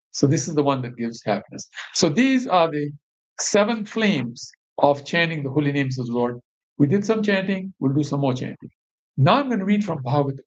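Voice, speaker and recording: A man leading a devotional group, reading verses aloud and explaining them line by line, often checking in with his listeners. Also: fairly high pitch. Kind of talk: scripture reading with commentary. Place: bridal shop meeting space. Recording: dull lo-fi recording.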